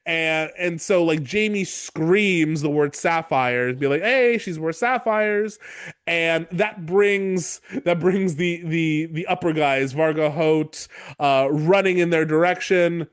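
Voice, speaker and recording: A man hosting a podcast, casually recapping book chapters in a rambling, profane way and slipping into quick character voices. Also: fairly high pitch, clean tone, dry recording, clean studio sound. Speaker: podcast host.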